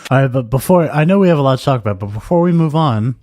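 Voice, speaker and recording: A young man co-hosting a podcast, speaking in a mid-range voice that swings up and down a lot. He is recorded close and dry, and he reacts easily with chuckles and quick asides. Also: medium pitch, animated, a little mellow, no room sound. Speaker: podcast co-host. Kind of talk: casual chat.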